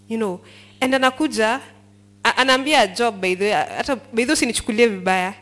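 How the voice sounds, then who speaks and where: A woman's voice: on the high side, quick pace, a bit bright. A woman leading a Bible study, reading verses aloud and quizzing the group as she explains them. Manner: mixes English and Swahili, asks the group questions and prompts them to finish lines.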